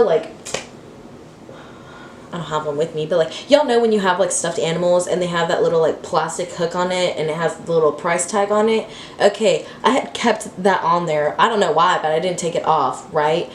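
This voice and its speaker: Young woman vlogger, lively storytime delivery, lowish voice, echoey room. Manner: animated, dramatic storytelling with constant fillers. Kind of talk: storytime vlog. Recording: roomy echo with faint hiss.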